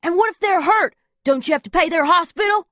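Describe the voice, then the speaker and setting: Lady doing a high squeaky young guy, all worked up and indignant. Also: a little fast, a bit bright, dry recording, clean studio sound. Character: young excitable boy bystander.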